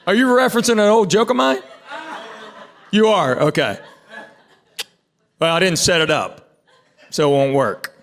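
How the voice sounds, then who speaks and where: A man's voice: sits high, a little slow, pauses often, a bit bright. A middle-aged man from Tennessee, doing an easygoing stand-up comedy set and bantering with the audience on stage. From Knoxville, Tennessee. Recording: live show with audience noise.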